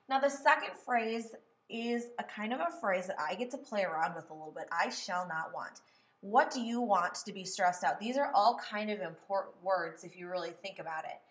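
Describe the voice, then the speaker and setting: A woman's voice: medium pitch, a bit bright. A woman music teacher giving a patient step-by-step lesson, saying words aloud to test which syllable is stressed. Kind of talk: step-by-step classroom tutorial. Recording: echoey room.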